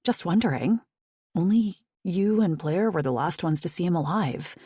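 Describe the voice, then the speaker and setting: An exasperated woman doctor talks bluntly and fast when pressed, as a woman narrator puts her on. Her voice sits low with a husky, breathy grain. The recording is dry and close, like a small booth. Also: lively intonation, dark tone, no room sound. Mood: urgent. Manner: frustrated, blunt.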